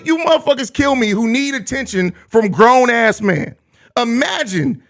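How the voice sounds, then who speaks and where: A young man with a high-pitched voice hosts a live postgame stream in loose, casual chat. He laughs easily but turns profane and repetitive when he roasts someone. His delivery is blunt and heated. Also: a bit bright. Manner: profane, heated trash talk at a chatter; repeats himself, laughs often. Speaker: host of a live postgame show.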